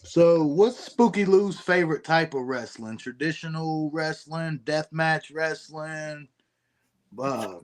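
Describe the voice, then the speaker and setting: A man's voice: fairly high pitch, slow. A man hosting a casual podcast, laid-back and slangy, often calling his guest bro. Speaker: podcast host.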